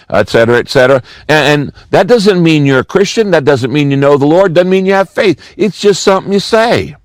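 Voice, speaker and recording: Lively-voiced older man preaching. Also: on the high side, fairly quick, hardly any pauses, dry recording. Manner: teaching, repeats key phrases for emphasis. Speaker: pastor. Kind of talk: sermon.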